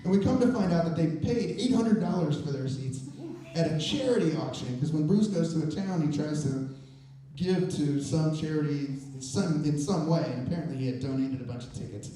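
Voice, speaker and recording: Male live storyteller, higher register, warm tone, animated and chatty, distant mic in a very echoey hall. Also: brisk, slight background noise. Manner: animated, conversational, builds suspense. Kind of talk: live personal storytelling on stage. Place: stage in a performance venue.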